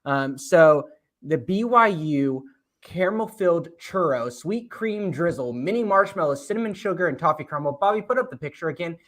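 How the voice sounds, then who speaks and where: A man's voice: on the high side, expressive, normal speed, fairly bright tone. Emphatic, dismissive man in podcast chat. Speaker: podcast co-host. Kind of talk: casual food-ranking chat.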